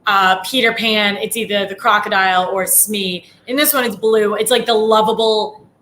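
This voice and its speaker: A woman's voice: medium pitch, steady tone, moderate pace, a bit bright, a little hiss or hum. A woman co-hosting a casual podcast chat, easygoing and agreeable with a wry touch.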